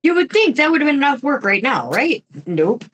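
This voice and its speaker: A woman's voice: high-pitched, big pitch swings, brisk, a bit bright, poor audio. A woman hosting a true crime podcast, telling the case in a casual, chatty way with jokey asides. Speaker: podcast host.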